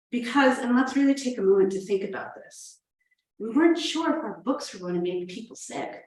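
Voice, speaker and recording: A woman's voice: medium pitch, fairly bright tone, recorded from a distance. A woman from New Hampshire, giving an earnest conference talk as a librarian, telling stories with playful asides. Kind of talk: prepared conference presentation. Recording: roomy, echoey from off the mic.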